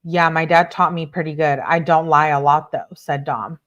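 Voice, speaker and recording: A woman with a low voice reads a string of text messages aloud for her channel and stops to comment on them. She speaks emphatically and swaps swear words for softened stand-ins. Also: fairly even intonation, normal speed, lo-fi sound. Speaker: true crime commentator.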